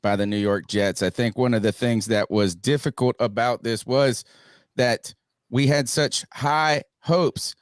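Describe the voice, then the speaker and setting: A man hosting a sports podcast over a video call, talking in an animated, playful way. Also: mid-range voice, a little slow, no echo, studio quality. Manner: animated, playful, mock-panicky. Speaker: podcast host. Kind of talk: casual sports podcast talk. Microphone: webcam and mic on a video call.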